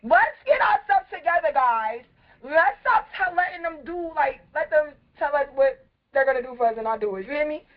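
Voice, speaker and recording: A woman in her thirties, a community activist, ranting angrily with lots of swearing, her voice going hoarse. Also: sits high, moderate pace. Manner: angry, profane, shouting in bursts. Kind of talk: impassioned rant. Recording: dull lo-fi clip.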